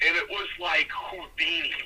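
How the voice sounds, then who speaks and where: An older man, a former wrestler, telling a story casually with a husky voice and acting out what others said in their voices. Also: a little high, normal speed, poor audio. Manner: animated, acts out other people's lines in their voices.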